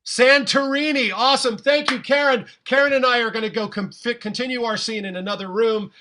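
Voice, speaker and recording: A man's voice: very high voice, fairly even intonation, brisk, bright, forceful tone, a little hiss or hum. A man hosting an online improv show over a video call, cheering performers on with big energy. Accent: put-on Georgia drawl in scene. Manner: exuberant, cheering.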